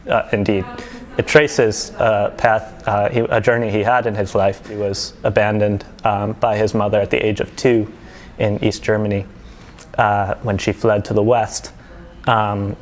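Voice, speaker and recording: A man's voice: lowish voice, a little hiss or hum. A literary translator talking casually about a novel he has translated. He stops often for ums and restarts. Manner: hesitant, many ums and restarts. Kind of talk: casual book presentation with commentary. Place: event setting with faint ambience.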